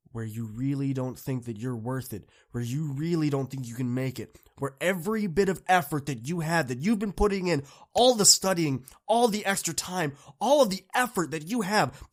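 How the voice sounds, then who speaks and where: A man's voice: on the high side, lively intonation, moderate pace. Earnest young man giving a motivational pep talk. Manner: earnest, encouraging, swings from soft to impassioned. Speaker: podcast host.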